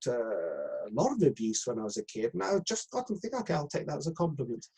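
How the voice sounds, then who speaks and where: A middle-aged acting coach talks on a live video chat coaching session, rambling with many fillers and restarts. His voice is fairly high yet darkish in tone and husky, and the recording is low quality.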